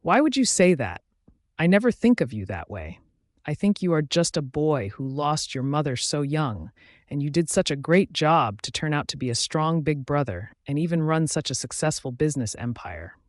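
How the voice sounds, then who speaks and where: Earnest young bride for an audiobook, pleading and tender, pitched up, as a male reader puts her on, very dry read. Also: sing-song, normal speed, no echo. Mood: soothing.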